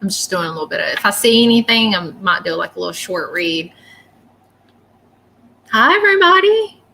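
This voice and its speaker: A woman with a gravelly, bright voice gives readings on a livestream. She talks in a chatty, rambling way and keeps apologizing. Faint noise sits under her voice. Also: fairly low pitch, quick pace, rough recording. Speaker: psychic reader.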